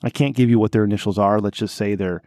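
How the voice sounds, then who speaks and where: A man co-hosting a podcast, telling a long story in casual chat, swearing freely and jumping to a high, exasperated voice when he quotes himself. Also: fast, dry recording, clean studio sound. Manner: animated, profane, voice jumps high when exasperated. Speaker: podcast co-host.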